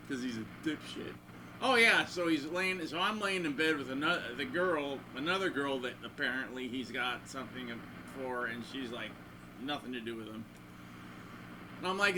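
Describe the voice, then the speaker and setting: Between guitar playing, a guitarist who hosts his own channel wanders through a crude anecdote, imitating the voices of its characters. His voice is mid-range, with background noise in the recording.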